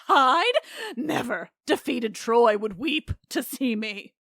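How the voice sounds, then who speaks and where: A woman's voice: on the high side, expressive, slow pace, a bit bright, no echo, clean studio sound, exaggerated voice. A woman reading the lines of a boastful, swaggering male Greek hero in a pompous, declamatory way.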